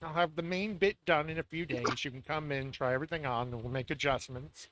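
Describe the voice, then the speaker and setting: A man voicing a snooty female tailor who is quick with insults and talks in a dismissive, cutting way. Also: a little high, a bit bright, a little hiss or hum, lightly acted. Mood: brisk.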